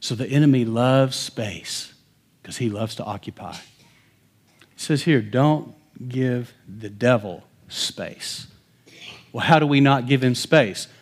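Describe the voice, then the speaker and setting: A middle-aged male pastor preaching a sermon, telling a story and swinging from hushed, quiet lines to loud, emphatic ones. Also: mid-range voice, moderate pace, breathy edge.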